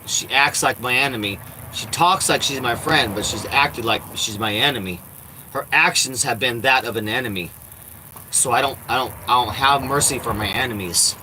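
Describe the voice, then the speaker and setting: A man's voice: medium pitch, background noise. Profane, blunt man vlogging from an RV. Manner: blunt, profane, talks to his cats in baby talk. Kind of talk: casual rambling vlog. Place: inside an RV.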